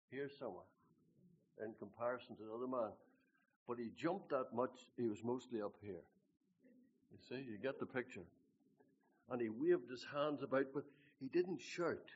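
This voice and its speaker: An older man gives a rambling spoken testimony recalling his conversion, repeating words and forcefully emphasizing scripture quotes. His medium-pitched voice has a breathy edge, and the audio sounds dull.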